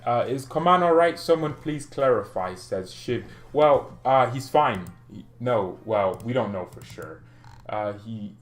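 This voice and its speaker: A man with a slightly low voice hosts a fan stream and rants casually about football transfers. He jokes, laughs often, and fires back at viewer comments. The sound is roomy and echoey. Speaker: football fan channel host.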